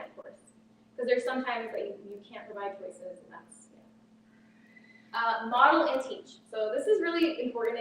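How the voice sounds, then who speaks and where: A woman's voice: on the high side, a bit bright. Woman teacher in an echoey hall. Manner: practical, explains with everyday examples. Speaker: teacher leading a parenting workshop. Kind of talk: live workshop presentation. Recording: echoey hall from far off, faint noise.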